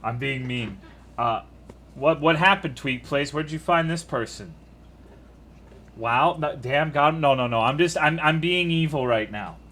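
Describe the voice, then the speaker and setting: A man's voice: a little high, measured pace, fairly bright tone. A man streaming, casually greeting his chat, a bit tipsy and tired, joking and swearing as he teases viewers.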